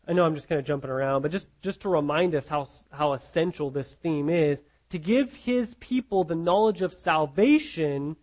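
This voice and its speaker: A man preaching a sermon, teaching in a conversational way with rhetorical questions and frequent restarts. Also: high voice.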